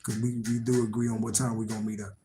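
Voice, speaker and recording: A man's voice: on the low side, level tone, fast, mellow, slight background noise, low-quality recording. Rambling man reading tarot live. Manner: rambling and repetitive, swears freely, laughs to himself. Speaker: tarot reader.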